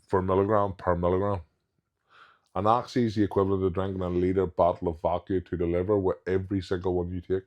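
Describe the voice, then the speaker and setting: A man, a professional strongman, chatting as a podcast guest. His voice sits fairly low. He talks frankly and matter-of-factly and laughs easily. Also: flat delivery, quick pace, highs cut off. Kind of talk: casual chat.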